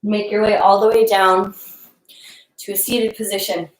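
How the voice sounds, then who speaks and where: A woman's voice: medium pitch, level tone, normal speed, roomy sound, a little hiss or hum, low-quality recording. A young woman leading a live yoga class, casual and encouraging, laughing often and a little out of breath as she moves through the poses. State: slightly out of breath. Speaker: yoga instructor.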